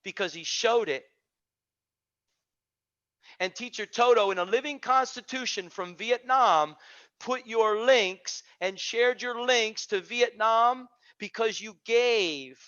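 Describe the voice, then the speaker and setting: A man hosting an online teaching community, giving an energetic, preachy talk on a video call and repeating phrases for emphasis. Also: high-pitched, slow pace. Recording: dull lo-fi video call audio.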